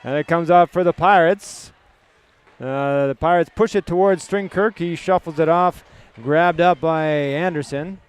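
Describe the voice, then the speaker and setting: High-voiced man calling youth hockey. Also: clear, resonant tone. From Canada. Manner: rapid clipped puck-by-puck calls. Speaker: play-by-play commentator.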